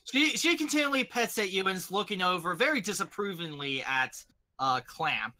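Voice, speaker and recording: A man narrating as game master of a tabletop game, lively and animated, putting on voices for his characters. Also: sits high, normal speed.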